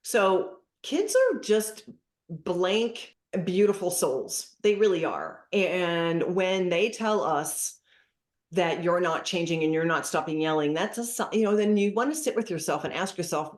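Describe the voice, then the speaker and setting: A middle-aged woman speaking as a parenting specialist guest, with a slightly low voice. She tells stories in a lively way and acts out the dialogues. The room around her has a noticeable echo. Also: unhurried. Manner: animated storytelling, acting out dialogues. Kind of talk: casual interview chat. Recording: echoey room.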